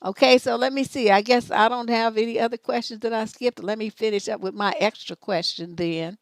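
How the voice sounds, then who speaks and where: A middle-aged woman runs a live relationship advice stream, speaking in a fairly high, steady voice at a brisk clip. She's blunt, profane and scolding, playing both parts of the conversations she describes. The recording is dry.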